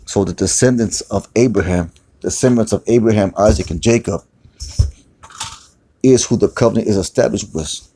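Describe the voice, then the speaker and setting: A man's voice: lowish voice, normal speed, warm tone, a little hiss or hum. A man teaching scripture in a loose, conversational way, repeating words and often saying "man". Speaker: preacher. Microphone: phone screen recording.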